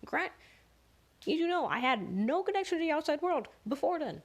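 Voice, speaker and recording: A woman's voice: sing-song, moderate pace. A woman rambling through a jokey mock stand-up monologue, correcting herself as she goes. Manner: rambling, self-correcting, jokey, pitch swinging up and down. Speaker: solo comedic rambler.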